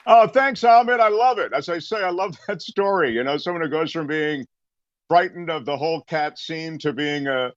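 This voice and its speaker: A man hosting a virtual fundraiser, upbeat and slightly halting. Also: fairly high pitch, no echo. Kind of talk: event hosting. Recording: dull, dry lo-fi sound.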